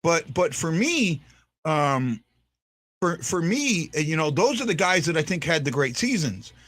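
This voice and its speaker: Male fan-show host, lively up-and-down voice, slightly high, chatty and rambling, dry close sound. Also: a little slow, no room sound. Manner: chatty, rambling, teasing viewers, repeats himself. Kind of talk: casual live-stream commentary.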